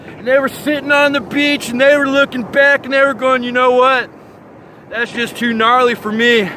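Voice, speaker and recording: A man with a very high, bright voice rambles through a comedic surfer monologue. He piles on surfer-bro slang and over-the-top storytelling, recorded on a phone with a faint hum of noise behind him. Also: poor audio. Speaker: comedic host.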